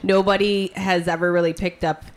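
A woman's voice: on the low side, little pitch movement, moderate pace. A woman hosting a casual interview chat, chatty, laughing often and swearing casually. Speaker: host.

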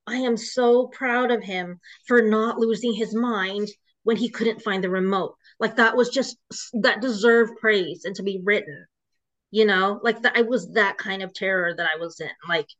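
A woman interview guest with a mid-range, slightly bright voice speaks at a moderate pace. She relates her own story emotionally, rambling and restarting repeatedly, over dull lo-fi audio.

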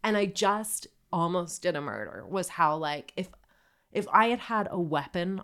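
A woman in her thirties co-hosting a podcast, telling a personal story in candid casual chat and acting out her own shouting. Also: fairly low pitch, animated, normal speed, clear, resonant tone. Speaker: podcast co-host.

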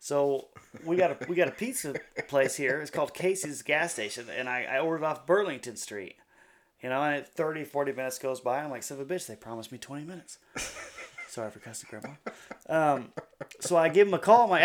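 A man's voice: fairly high pitch, moderate pace, a bit bright. A man co-hosting a podcast, telling loose, profane stories with a lot of laughter. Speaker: podcast co-host. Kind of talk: casual chat.

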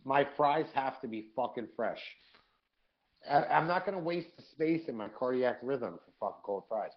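A man's voice: mid-range voice, moderate pace. Cussing podcast guy, ranting stories, kinda muffled lo-fi sound. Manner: profane, animated storytelling. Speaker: podcast co-host. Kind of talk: casual chat.

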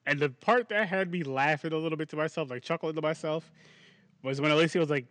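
Rambling podcast host, slightly high voice. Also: male voice, fast talker, dry recording. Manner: rambling, animated, laughs often. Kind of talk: casual movie review chat.

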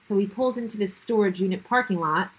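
A woman's voice: mid-range voice, a little fast, low-quality recording. A young adult woman telling a personal story in a casual chat, blunt and profane, acting out the dialogue. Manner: blunt, profane, animated retelling with quoted dialogue.

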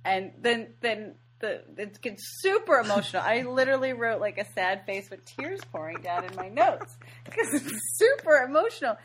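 A woman co-hosting a podcast, retelling a movie in an animated, casual way with quick asides. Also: a little high, a little hiss or hum. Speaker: podcast co-host. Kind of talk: casual movie recap chat.

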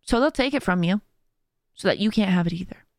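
A brisk woman with a medium pitch and lively intonation comes through clean studio sound with no echo. Hosting her own podcast as a streamer, she gives a casual motivational monologue filled with sincere, faith-driven encouragement.

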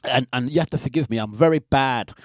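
A man hosting a breakfast radio show, telling a story in an animated, laughing way and acting out the scenes. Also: medium pitch, fast talker, no room sound, clean studio sound. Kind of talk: casual storytelling on air.

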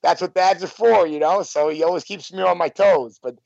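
A man in his fifties spins loose, rambling stories as an interview guest, stumbling through restarts and filler. His voice sits a little high and gravelly. The sound is dry and dull, lo-fi. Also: fairly even intonation, normal speed, darkish tone, no room sound. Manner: rambling, full of "you know" and restarts. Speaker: guest, former pro wrestler. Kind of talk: casual storytelling interview.

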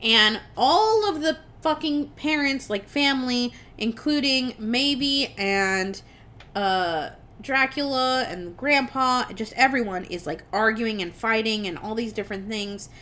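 A woman's voice: fairly high pitch, unhurried, sharp tone. Chatty young woman recapping a movie. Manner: rambling, swearing, quoting characters in voices. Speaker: podcast co-host.

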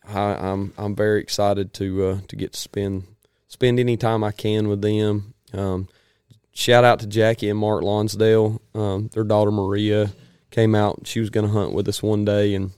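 A man, hosting a casual chat in a rambling, folksy way and clearing his throat often. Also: fairly low pitch, flat delivery, measured pace, darkish tone, no echo, clean studio sound.

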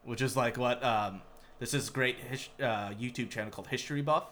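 A man's voice: medium pitch, normal speed, fairly bright tone, a little hiss or hum. A man co-hosting a casual podcast chat, rambling with restarts and frequent swearing. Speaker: podcast co-host.

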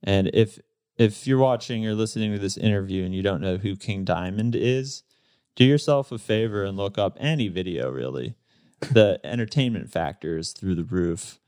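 A man in his thirties, a guest in a casual interview, telling stories in a relaxed way with lots of fillers and laughs. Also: fairly low pitch, moderate pace, no echo, studio quality. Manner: relaxed storyteller, laughs often, many fillers.

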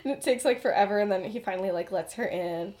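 A woman's voice: medium pitch, quick pace, darkish tone. A young woman casually recapping her own fan story for friends, chatty and full of "like", laughing often. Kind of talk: casual chat.

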